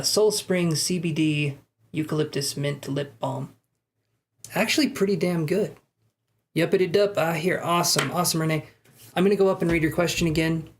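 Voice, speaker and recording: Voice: mid-range voice, vocal fry. A tarot reader giving live-stream readings in a casual, chatty way, with self-deprecating asides.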